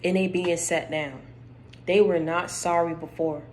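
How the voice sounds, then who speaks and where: A woman delivering a spiritual encouragement message, speaking emphatically and straight to the listener, repeating her points, with her voice going hoarse. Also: lowish voice, fairly even intonation, a little slow, a little mellow, a little hiss or hum, poor audio. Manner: emphatic, repeats phrases, addresses listener directly. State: losing her voice.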